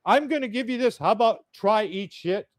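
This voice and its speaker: A man's voice: high voice, animated, normal speed, dry recording, pitched above the performer's own voice. A man imitating an angry foreign man who mangles his curse words in broken, stilted insults. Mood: indignant.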